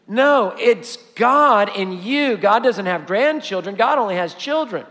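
A man's voice: high-pitched, animated, normal speed, hardly any pauses, a bit bright. A man preaching a sermon as a pastor, emphatic and repetitive as he drives his points home. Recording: long hall reverb.

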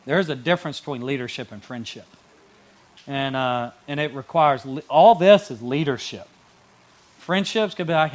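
A man, a youth pastor giving a conversational teaching talk to small group leaders, animated and folksy, blunt and confrontational, with frequent restarts. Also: mid-range voice, normal speed.

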